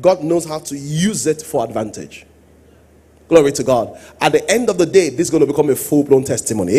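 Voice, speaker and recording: Husky high-voiced man preaching a sermon. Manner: swings between soft asides and loud sung-out exhortation. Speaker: pastor.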